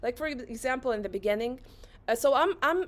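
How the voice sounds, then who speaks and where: A woman whose first language is Arabic, giving a fast-paced, energetic motivational talk at an online conference and repeating phrases for emphasis. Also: on the high side. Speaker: conference speaker. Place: online session.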